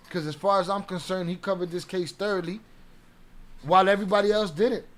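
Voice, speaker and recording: A man hosting a casual livestream, talking animatedly and profanely while greeting viewers from the chat. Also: sits high. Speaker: livestream host.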